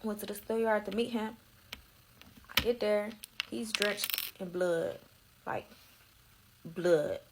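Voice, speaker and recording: A young woman tells a personal story in loose, slangy speech, dramatic and tearful. Her voice has a gravelly edge. A faint hiss sits under the recording. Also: mid-range voice, slow, long pauses. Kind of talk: emotional storytime.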